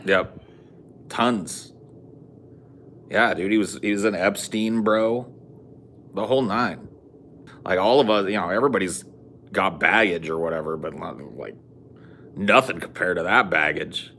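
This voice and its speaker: A man with a low, deep voice talks bluntly and profanely in a casual stream chat. His tone has a bright, forceful edge, with faint noise behind him. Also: a little slow, pauses often. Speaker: podcast host.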